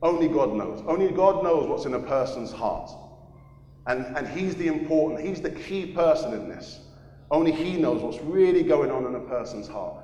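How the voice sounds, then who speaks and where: An earnest male pastor preaches and shares his testimony, repeating key phrases for weight. His voice sits a little high and carries a long reverb around a church hall. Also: expressive, moderate pace, dark tone. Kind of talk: sermon with personal testimony. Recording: echoey hall.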